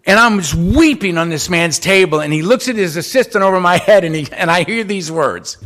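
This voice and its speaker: A man with a high, bright, ringing voice tells a funny, self-mocking story of his own recovery. He speaks at a conference podium, animated and quick with a punchline. He has a crisp, lively edge in his delivery. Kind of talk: humorous personal testimony.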